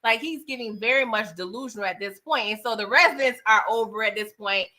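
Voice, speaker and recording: Bright-voiced chatty woman reviewer. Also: on the high side, fairly quick. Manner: chatty, slangy, tags lines with "okay?" and "right?". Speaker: movie reviewer. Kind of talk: casual film recap.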